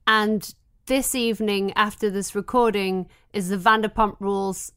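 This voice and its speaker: A woman's voice: mid-range voice, fairly even intonation, moderate pace, a bit bright, clean tone. A woman co-hosting a podcast in casual chat while sick, giddy and wry as she talks. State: sick with a cold. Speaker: podcast co-host.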